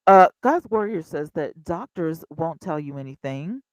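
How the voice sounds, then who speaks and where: A woman in her fifties hosting a casual livestream, chatty and animated, talking straight to her viewers. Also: low voice, unhurried, dry recording, rough recording. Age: 50s. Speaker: livestream host.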